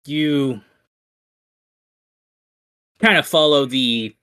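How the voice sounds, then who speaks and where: Relaxed game master narrating. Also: medium pitch, very slow, clear, resonant tone. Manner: relaxed, laughs easily.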